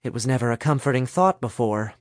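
A man voicing a blunt, sharp-tongued young woman who speaks matter-of-factly, in a storybook reading. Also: mid-range voice, expressive, brisk, dry recording, studio quality, close to an everyday voice.

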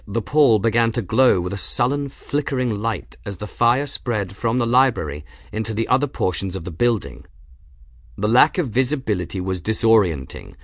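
A man narrating an audiobook in a steady, measured reading voice. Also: on the low side, no echo, studio quality. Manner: steady measured reading, voicing characters in quotes. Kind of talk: scripted narration.

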